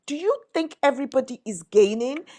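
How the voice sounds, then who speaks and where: A middle-aged woman leading a conversation with her family. She teases gently, then poses questions in a steady voice of ordinary pitch. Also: brisk. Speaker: host.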